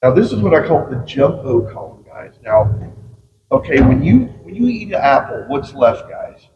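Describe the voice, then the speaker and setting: A middle-aged man guides a boat tour through a flooded mine, telling jokes and stories and keeps calling the group "guys." His mid-range voice swings widely in pitch at a moderate pace. It's captured from some distance by a visitor's camera on the boat, so the sound is echoey, distant, dull, and noisy.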